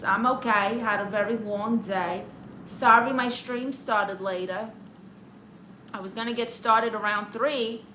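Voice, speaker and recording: A brash, boastful aunt who appoints herself therapist, with a bright, pointed voice that sits a little high , as a woman puts her on. She fires back sassy comebacks while reading chat aloud on a livestream. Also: slight background noise, low-quality recording.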